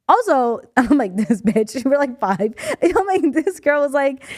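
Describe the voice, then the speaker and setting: A young woman co-hosting a podcast in a studio, telling a story in a lively way, acting out voices and laughing often. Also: high voice, measured pace, dry recording. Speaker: podcast co-host. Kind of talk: casual chat.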